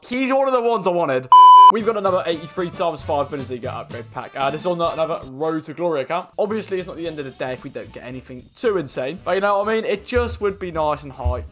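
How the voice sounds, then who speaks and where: A young man commentating as he opens game card packs, excitable and swearing, with sudden shouts. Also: fairly high pitch. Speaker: gaming YouTuber. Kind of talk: excitable pack-opening commentary.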